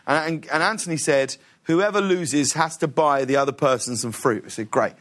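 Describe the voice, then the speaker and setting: A man, a talk show guest telling a long story in casual chat, animated and laughing often. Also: fairly high pitch, moderate pace.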